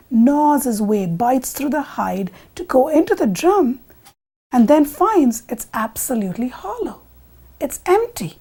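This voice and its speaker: A woman narrating a folk tale for a television program, expressive and animated. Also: on the high side, breathy edge. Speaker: storyteller.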